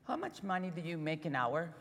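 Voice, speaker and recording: A woman's voice: deep voice, sing-song, fairly quick, in a large hall, heavily acted. A woman voicing an eager little boy of about ten, begging his parents in a story told from the pulpit. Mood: pleading. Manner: begging, insistent.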